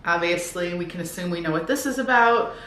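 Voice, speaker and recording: A woman's voice: fairly low pitch, brisk, fairly bright tone. A woman chatting upbeat and casually about her new books from home, sometimes reading back-cover blurbs aloud. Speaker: book vlogger. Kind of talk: casual book haul chat. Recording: echoey room, faint background noise.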